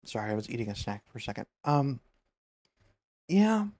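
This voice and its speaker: A man's voice: mid-range voice, big pitch swings, normal speed, a little mellow. A man streaming a game, chatting casually in a rambling, hesitant way. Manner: rambling, hesitant, lots of fillers. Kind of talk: casual live-stream commentary.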